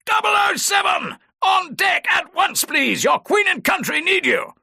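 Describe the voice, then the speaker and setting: A man's voice: medium pitch, huge pitch swings, normal speed, creaky, a bit bright, dry recording, studio quality, pitched above the performer's own voice, exaggerated voice. A man voicing a jovial, insistent chief of staff who bellows when roused. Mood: bellowing.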